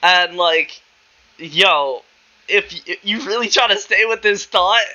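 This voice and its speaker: A man's voice: high-pitched, slow pace, sharp tone. A young man from Canada telling stories about his past, rambling, laughing often and swearing freely. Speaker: podcast host. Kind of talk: casual storytelling. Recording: slightly muffled recording.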